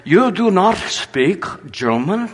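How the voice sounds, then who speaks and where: A man voicing an excited, insistent woman in a high falsetto while telling a story in a sermon. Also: takes it slowly, slightly rough. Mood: amazed. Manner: high eager falsetto questioning.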